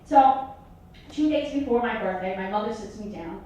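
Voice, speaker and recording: A woman's voice: on the high side, moderate pace, dark tone. A middle-aged woman performing a stand-up comedy set, telling family stories and acting out her relatives' voices. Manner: storytelling, acts out relatives' voices. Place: comedy club stage. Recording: echoey live room, mic at a distance.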